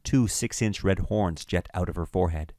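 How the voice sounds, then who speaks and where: A man narrating a screenplay's stage directions in a measured, matter-of-fact way. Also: low-pitched, a little mellow, dry recording, studio quality.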